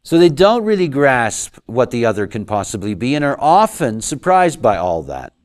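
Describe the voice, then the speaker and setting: A man giving a lecture, talking in an animated way and acting out quoted voices. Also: mid-range voice, normal speed. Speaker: lecturer on human design.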